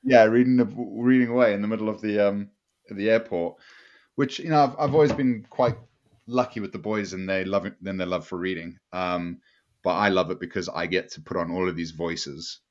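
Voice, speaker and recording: A man co-hosting a casual podcast chat, animated and laughing, often jumping into put-on voices. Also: lowish voice, a little fast, dull audio. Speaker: podcast co-host.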